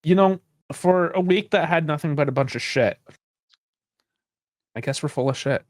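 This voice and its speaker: A man's voice: on the high side, normal speed, dry recording, clean studio sound. A man hosting a podcast in casual chat, teasing his co-host with crude jokes. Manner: teasing, crude banter, laughs often.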